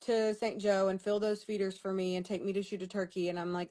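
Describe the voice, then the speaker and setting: A woman's voice: mid-range voice, little pitch movement, brisk, few pauses, warm tone. A young woman telling a personal story on a livestream in a candid, exasperated way, swearing freely. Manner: candid, exasperated, profane venting. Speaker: vlogger.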